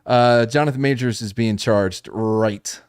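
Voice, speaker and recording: A man's voice: medium pitch, a little slow, darkish tone, clear, resonant tone, no room sound. A man chatting casually on a podcast, his voice sitting in the middle of the range. He laughs often and swears now and then. The sound is dry and close, with no room around it. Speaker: podcast co-host. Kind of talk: casual chat.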